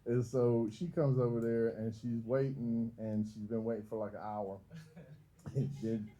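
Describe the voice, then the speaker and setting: A man's voice: mid-range voice, level tone, a little slow, warm tone, low-quality recording. A young man doing stand-up at a comedy club open mic, loose and profane, laughing at his own jokes. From Georgia, US. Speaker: stand-up comic.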